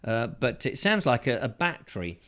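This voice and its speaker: A man hosting a casual chat show, reading out viewer comments with playful, silly asides and sudden falsetto bursts. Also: sing-song, moderate pace, a bit bright.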